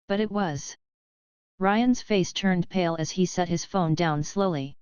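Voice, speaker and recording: A woman reading a dramatic story aloud in a steady, even narrating voice. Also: lowish voice, a little slow, smooth, no echo. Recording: dry, slightly dull lo-fi.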